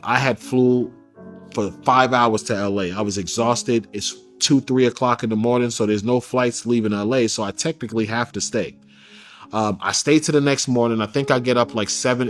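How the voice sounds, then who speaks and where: A man giving an interview, recounting a personal story in a candid, casual way with slang, getting animated when he quotes others. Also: medium pitch.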